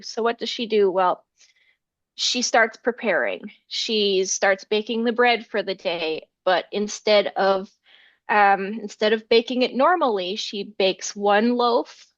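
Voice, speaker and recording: A woman's voice: medium pitch, takes it slowly, no room sound, dull audio. A woman scholar, a guest in an interview, retelling a folk tale with animation and acting out the characters' lines. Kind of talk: storytelling in an interview.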